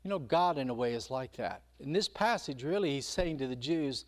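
A male preacher delivers his sermon as an animated story. His voice sits high and leaps up and down, and he throws himself into the quoted lines. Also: normal speed.

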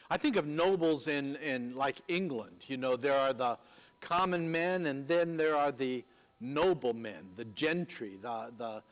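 Earnest preacher man, slightly high voice. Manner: earnest, measured, slows on key words. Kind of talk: sermon.

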